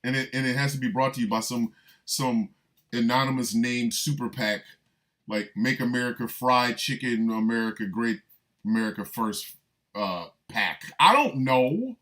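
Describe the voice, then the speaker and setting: A man's voice: medium pitch, normal speed, a bit bright. A man delivering a comic monologue, riffing with repeated lines and mock-incredulous asides. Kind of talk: comedic monologue.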